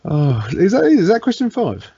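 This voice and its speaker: A man's voice: sits high, wildly swooping pitch, moderate pace, vocal fry, dark tone, dull audio, a little hiss or hum. A man co-hosting a casual podcast who laughs often and reacts with animation. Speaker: podcast co-host.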